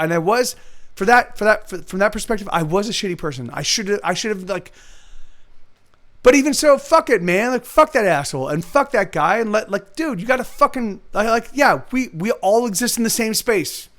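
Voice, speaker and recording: A man's voice: high-pitched, animated, normal speed, fairly bright tone. A man talking in a rambling, profane monologue, restarting his sentences and answering chat readers by name as a livestream host. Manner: profane, repetitive, restarts often.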